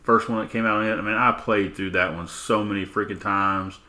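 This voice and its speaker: Middle-aged male podcast co-host, bright tone, animated storyteller who laughs a lot. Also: lowish voice, moderate pace. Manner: animated storyteller, acts out quotes, laughs often. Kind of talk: casual chat.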